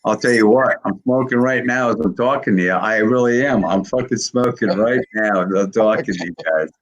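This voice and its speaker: A man in his sixties with a gravelly voice, rambling and swearing constantly in casual chat. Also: fairly low pitch, fairly quick, lo-fi sound. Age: 60s. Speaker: video creator on a live call.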